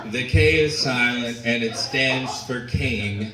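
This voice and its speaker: Guy doing standup, takes his time, pauses for laughs, noisy room picked up from far away. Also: medium pitch. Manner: slow, deliberate storytelling with pauses for audience laughter. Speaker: stand-up comedian. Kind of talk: stand-up set. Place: comedy venue with a live audience. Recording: echoey room recorded from a distance, noisy. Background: audience laughter and room ambience.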